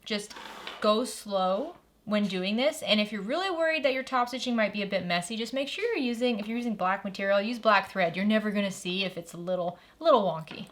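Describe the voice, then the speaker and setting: A woman's voice: mid-range voice, fairly quick. A woman hosting a sewing tutorial, walking through each step in a friendly, practical way and stopping now and then to correct herself.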